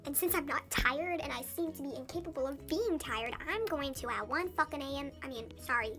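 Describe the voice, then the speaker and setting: A young woman rambles through a late-night rant from her bathroom, her voice sped up and pitched high. She sounds tired and anxious, swears, giggles and keeps breaking off mid-sentence, with faint music behind her. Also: a little fast, pushed and bright. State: sleep-deprived and anxious. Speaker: vlogger.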